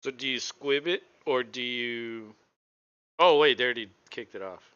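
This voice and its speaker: A man co-hosting a casual live football reaction show, excitable and quick to swear and laugh. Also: mid-range voice, clear, resonant tone, no echo, muffled recording. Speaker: co-host.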